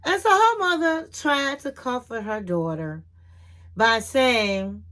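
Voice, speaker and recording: A woman's voice: fairly high pitch, animated, takes it slowly, fairly bright tone. A woman hosting a casual reality TV recap, telling the story in a sassy, slangy way.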